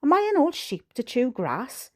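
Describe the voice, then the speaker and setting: A woman's voice: high-pitched, wildly swooping pitch, normal speed, darkish tone, voice pushed up. A woman with a Welsh accent voicing a wheedling, fake-tearful young girl in an audiobook reading. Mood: coaxing.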